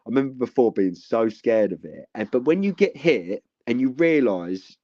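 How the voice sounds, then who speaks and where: A man's voice: mid-range voice, big pitch swings, normal speed, mellow, no room sound, highs cut off. A young man, chatting casually on a podcast, rambling with lots of fillers and swearing.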